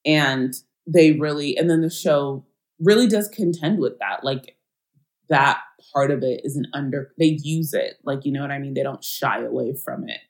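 A woman co-hosting a casual chat, animated and playful, laughing often and using teasing slang. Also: very deep voice, moderate pace. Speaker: podcast co-host. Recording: roomy echo.

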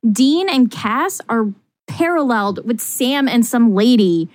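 A woman chatting casually on a podcast, excited and laughing often, her voice climbing high as she gets worked up. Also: measured pace. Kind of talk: casual chat.

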